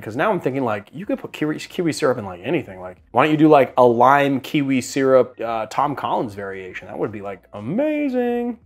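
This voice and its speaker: Male bartender host, mid-range voice, chatty and self-mocking, casual demo pace. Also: mid-range voice. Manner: chatty, self-deprecating, rambling asides. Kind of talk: casual how-to cocktail demo. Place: home bar studio.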